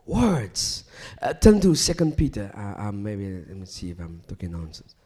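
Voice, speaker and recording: A man preaching a live sermon, swinging from loud emphatic declarations to hushed near-whispers, with repetitive rhythmic phrasing. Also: on the low side, very animated, brisk, husky.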